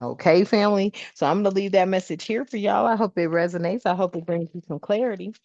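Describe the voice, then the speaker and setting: A woman's voice: mid-range voice, quick pace, creaky, darkish tone, dry recording, lo-fi sound. A woman doing a casual spiritual tarot card reading, chatty and emphatic, with slangy asides and frequent laughs.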